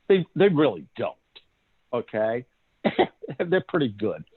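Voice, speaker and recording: A man's voice: mid-range voice, sing-song, slow pace, slightly rough, narrow, tinny audio. A man in casual chat who tells stories with a lot of energy, laughs often and acts out voices as he goes. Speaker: co-host.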